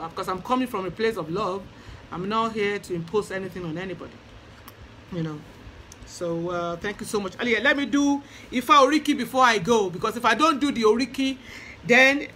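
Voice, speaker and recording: A man's voice: high voice, sharp tone, slight background noise. A man, an Ifá spiritualist talking earnestly on a livestream and chanting praise verses, switching between Yoruba and English.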